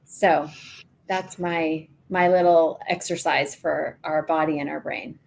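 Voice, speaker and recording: Low, slow and steady, with a creaky, darkish tone, this middle-aged woman co-hosts a podcast and guides listeners through an imagery exercise in casual conversation. She performs the different voices within the story.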